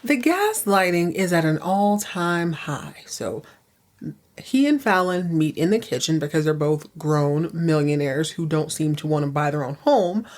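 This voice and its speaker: A woman's voice: low-pitched, expressive, unhurried, darkish tone. A woman hosting a podcast, recapping episodes in casual, sassy chat with many asides. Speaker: podcast host.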